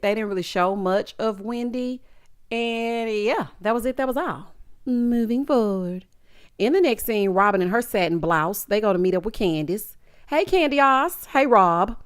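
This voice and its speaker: A woman's voice: mid-range voice, smooth. Sassy gossiping woman recapping reality TV. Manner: sassy, gossipy, says "honey" and "child" often. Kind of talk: casual recap commentary.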